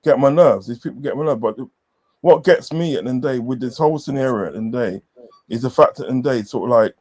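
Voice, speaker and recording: A man's voice: mid-range voice, racing, a little mellow. A man telling rambling, sweary football stories in a casual chat, repeating filler phrases. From southern England.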